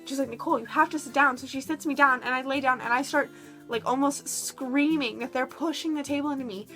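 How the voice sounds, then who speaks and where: Young woman vlogger, high voice, chatty and casual, filler-heavy storytelling. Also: steady tone, fairly quick, sharp tone, faint music behind.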